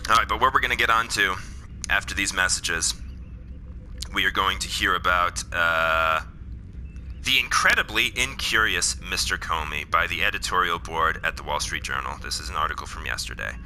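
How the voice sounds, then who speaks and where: A man's voice: sits low, moderate pace, pushed and bright, slight background noise. A man giving heated, profane commentary straight to his viewers while playing a game. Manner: heated, swears, talks to the audience directly. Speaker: political commentator. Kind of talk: ranting commentary while gaming.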